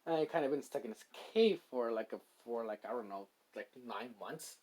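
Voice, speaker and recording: A man's voice: mid-range voice, lively intonation, normal speed, a little mellow, voice pushed down, close to an everyday voice. A man voicing a cocky young male hero reborn as a slime, casual and slangy in an amateur storytelling.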